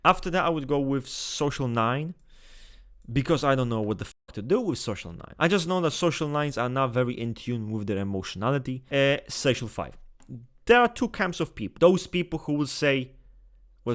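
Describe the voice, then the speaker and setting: A man hosting a casual tier-list video, talking straight to his viewers in a blunt, excitable, swear-heavy way. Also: mid-range voice, a little fast. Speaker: typology video host.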